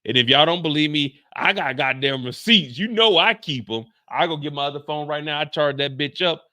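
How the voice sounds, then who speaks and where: A man hosting a casual show recap, telling stories loudly with lots of profanity and acting out the dialogue. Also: a little high, brisk, no echo, clean studio sound. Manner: loud, profane, animated, acts out dialogue. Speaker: show host.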